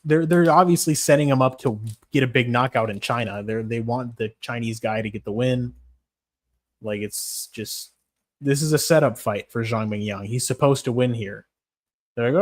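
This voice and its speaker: A man's voice: mid-range voice, steady tone, moderate pace. A man on a casual livestream, talking about fights in a blunt, rambling, profane way. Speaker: streamer.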